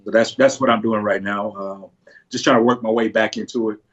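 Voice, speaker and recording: Low-voiced man on a lo-fi video call. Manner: relaxed, halting, with many restarts and fillers. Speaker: pro bodybuilder guest on a video call. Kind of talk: casual interview answers.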